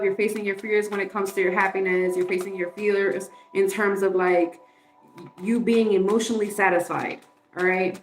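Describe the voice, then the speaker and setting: A woman's voice: mid-range voice, level tone, moderate pace, echoey room, low-quality recording. A woman giving a casual tarot card reading, chatty and candid, swearing and laughing often. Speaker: tarot reader.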